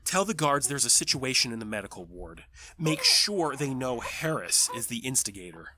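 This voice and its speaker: A man voicing a formal, measured stallion commander who teases dryly, in a fan audio drama. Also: medium pitch, big pitch swings, pushed and bright.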